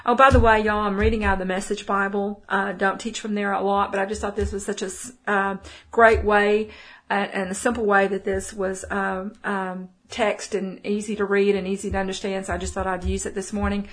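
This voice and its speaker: A woman's voice: mid-range voice, flat delivery, brisk. Middle-aged Texan woman preacher, easygoing conversational sermon delivery, plenty of ums and restarts, mid-range voice. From Texas. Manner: folksy, many fillers and restarts. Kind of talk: conversational Bible teaching.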